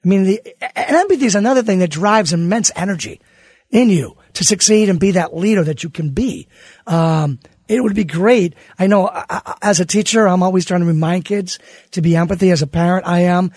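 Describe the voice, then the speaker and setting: Middle-aged man, radio guest, high husky voice, dry sound, emphatic delivery. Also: brisk, dry recording. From United States. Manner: animated, emphatic, repeats words when restarting. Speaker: teacher and author, guest. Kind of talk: radio interview guest, casual chat.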